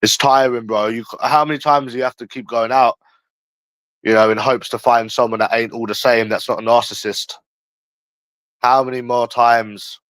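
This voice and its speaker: A man's voice: mid-range voice, steady tone, moderate pace, a bit bright, no room sound, rough recording. Blunt, swearing man ranting. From England. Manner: blunt and profane, talks straight to a chat viewer. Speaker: livestream host. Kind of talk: casual livestream rant.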